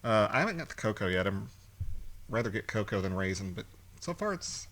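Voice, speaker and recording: A man's voice: fairly low pitch, big pitch swings, brisk, fairly bright tone. A man co-hosting a casual review podcast, chatting with dry joking asides. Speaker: podcast co-host.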